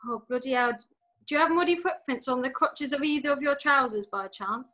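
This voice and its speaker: A woman voicing a prickly, sharp-tongued young woman with a sarcastic, cutting manner. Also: sits high, fairly quick.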